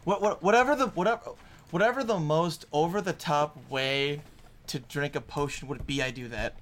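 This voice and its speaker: A man's voice: fairly high pitch, normal speed, a bit bright. A man playing a tabletop game, talking casually and hesitantly with many fillers. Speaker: player.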